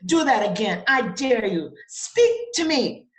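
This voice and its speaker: A woman's voice: a little high, very animated, takes it slowly. A woman playing a blustering outraged gardener man. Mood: mocking, threatening. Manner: blustering, theatrical, rhyming outbursts. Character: indignant, blustering man tending his garden. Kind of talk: audio theater acting. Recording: roomy echo.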